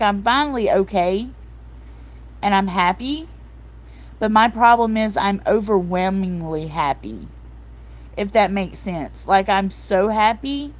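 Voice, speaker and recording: Slow-talking emotional woman livestream host. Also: mid-range voice. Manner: soft-hearted, emotional, reads out chat comments; repeats herself, fillers like "like" and "um". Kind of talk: casual live-chat talk.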